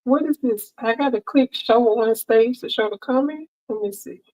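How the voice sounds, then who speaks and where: A woman's voice: a little high, moderate pace, mellow, poor audio. A woman hosting a casual sewing livestream, chatty and friendly, greeting viewers by name, on a headset mic. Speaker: livestream host, sewing crafter. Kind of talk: casual live-stream chat greeting viewers.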